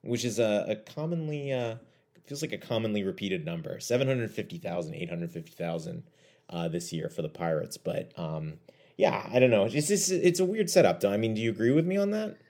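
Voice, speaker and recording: A man's voice: on the low side, animated, fairly quick, dark tone. A man co-hosting a sports podcast, talking in a rambling, playful way with many fillers. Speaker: podcast co-host. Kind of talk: casual podcast chat.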